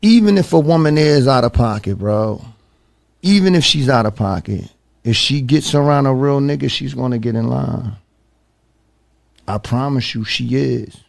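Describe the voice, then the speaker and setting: A man's voice: mid-range voice, moderate pace, gravelly. A man hosting a talk show, telling stories in a casual, emphatic way and calling his listeners "bro" often. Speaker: podcast host. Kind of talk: casual storytelling.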